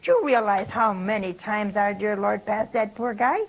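A woman's voice: medium pitch, moderate pace, low-quality recording. An older woman giving a spiritual talk, telling folksy stories and asking rhetorical questions. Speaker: religious speaker.

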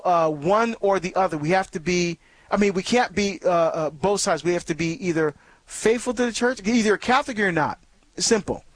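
A man with a high, light voice hosts a Catholic call-in radio program from a studio. He talks earnestly and conversationally, often stopping to restart a thought with fillers. The recording is dry and close, with no room sound. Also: dry recording. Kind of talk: faith talk radio monologue.

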